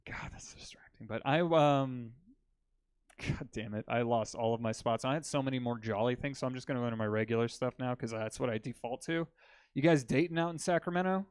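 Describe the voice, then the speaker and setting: A man doing a stand-up comedy set in a comedy club, telling crude jokes with deadpan delivery and bantering with the crowd. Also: medium pitch, a little fast, clean tone, dry recording.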